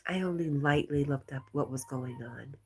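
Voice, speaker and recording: A woman hosting a livestream, reading out viewer comments in a casual, soft, often half-whispered way, with a stuffy nose. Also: very deep voice, moderate pace, breathy edge. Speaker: livestream host.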